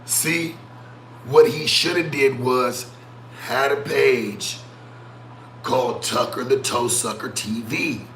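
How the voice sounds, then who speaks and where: A man's voice: medium pitch, takes it slowly, a bit bright. A man streaming a casual, profane rant to his chat, mocking someone while telling the story. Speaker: streamer and talk show host. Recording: echoey room with faint ambient noise.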